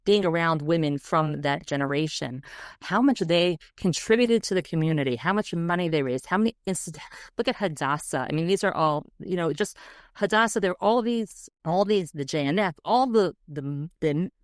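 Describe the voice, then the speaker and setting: A woman educator and author speaking as a podcast guest, animated and often acting out quoted voices. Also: on the low side, moderate pace, dry recording, clean studio sound. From United States. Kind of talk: podcast interview.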